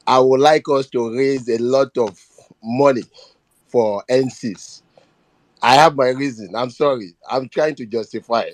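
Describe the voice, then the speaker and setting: This is an earnest, emotional plea from a man speaking with a Nigerian accent in a live audio chat. He tends to repeat himself, and his mid-range, somewhat dark voice comes through with no room sound.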